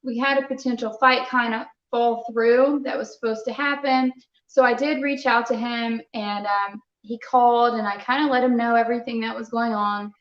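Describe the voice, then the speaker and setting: Brief: young woman, fighter, animated storyteller, higher voice, roomy dull recording. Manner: animated, quotes others in conversational retelling. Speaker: muay thai fighter, interview guest. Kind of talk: casual storytelling interview. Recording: roomy, slightly dull sound.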